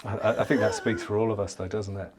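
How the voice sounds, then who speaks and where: A man's voice: fairly low pitch, fairly even intonation, fast talker, a little mellow. A man, a chief cricket correspondent, chatting casually on a podcast, with frequent stammering restarts.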